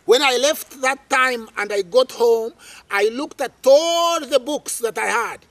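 A man from Uganda, an interview guest telling a story in conversation. He is animated and repeats phrases for emphasis. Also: extremely high pitch, unhurried.

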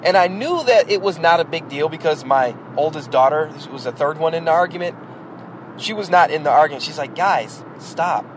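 A man with a voice on the high side speaks briskly, and the poor audio carries a little hiss or hum. Hosting his podcast as a parent, he gives a long, blunt, opinionated monologue on raising kids, casual in tone, rhetorical and addressed to the listener.

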